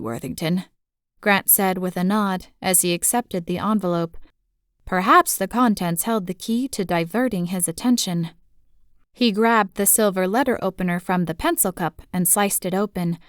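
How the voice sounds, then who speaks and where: A woman narrating a romantic suspense audiobook in a steady, even storytelling manner. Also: medium pitch, no room sound, clean studio sound.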